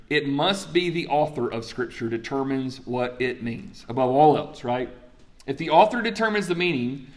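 A man preaching a sermon in a conversational way, putting questions to the congregation and answering them himself. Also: fairly high pitch. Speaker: pastor.

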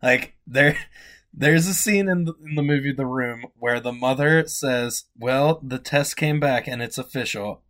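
A man co-hosting a podcast, telling amused stories in a relaxed, casual way. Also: mid-range voice, a little slow. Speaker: podcast co-host.

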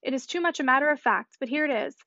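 A woman reading a jovial older gentleman. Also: high voice, quick pace, dry recording. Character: cheerful hearty older gentleman. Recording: dull dry audiobook recording.

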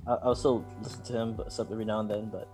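Mellow, low-voiced young man in casual chat. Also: level tone, racing, soft background music, rough recording. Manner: easygoing, hesitant, many fillers. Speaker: podcast co-host.

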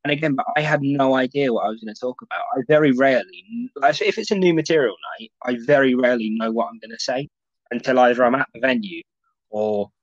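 A man's voice: mid-range voice, quick pace, no room sound. A man, a stand-up comedian chatting as a podcast guest, rambling with lots of restarts and swearing. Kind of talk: casual podcast chat. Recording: muffled dry lo-fi audio.

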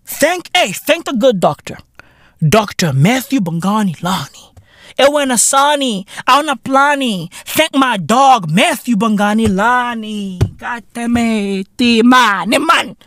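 A man's voice: very high voice, takes it slowly, no room sound, studio quality. A man hosting a podcast, ranting in a profane, comedic way and peppering his talk with "right?". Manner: animated, profane, keeps asking "right?". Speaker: podcast host.

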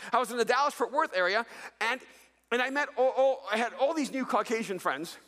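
A man from El Salvador preaching a sermon as a pastor, telling funny stories in an animated way. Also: very high-pitched, brisk, big-room sound. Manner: animated storytelling with jokes.

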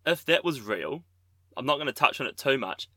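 Cheeky New Zealand man, bright voice. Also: medium pitch, expressive, a little fast, no room sound. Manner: cheeky, jokey, slangy. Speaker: podcast co-host. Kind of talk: casual banter.

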